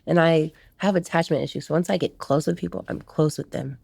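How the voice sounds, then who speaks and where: A woman's voice: deep voice, steady tone, brisk, creaky, a little mellow, husky, no room sound. A woman, a podcast guest, casually telling her life story in a candid interview and acting out what others said.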